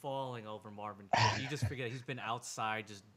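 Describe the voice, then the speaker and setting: A man serving as game master, narrating a tabletop game in a rambling, animated way. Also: lowish voice, fairly quick, a crowd in the background. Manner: rambling, animated storytelling with filler "and he just goes".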